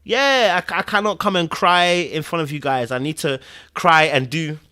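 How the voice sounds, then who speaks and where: A man, hosting a casual live-stream podcast chat with viewers. He talks emotionally and repeats phrases for emphasis. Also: a little high. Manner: swings between loud exclamations and hushed, drawn-out murmurs. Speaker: podcast host.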